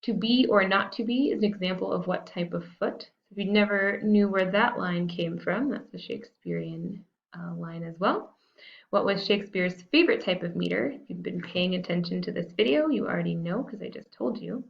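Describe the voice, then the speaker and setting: A woman teacher explains a lesson in a casual, self-deprecating manner, her low voice gravelly with fry. The sound is dull and lo-fi, like a computer mic on a screen recording. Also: normal speed. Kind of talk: recorded classroom lesson walkthrough.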